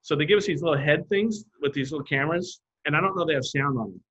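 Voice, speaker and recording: Talking fast in a slightly high voice, a man who's a graffiti artist tells casual stories with animation, acting out the lines of others in quotes. The recording is muffled.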